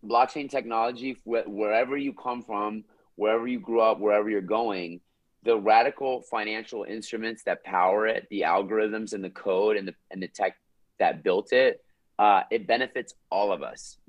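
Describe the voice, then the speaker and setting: A man who grew up in France, a guest on a podcast, chatting in an upbeat, playful and energetic way. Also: lowish voice, moderate pace, highs cut off. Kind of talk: casual podcast chat.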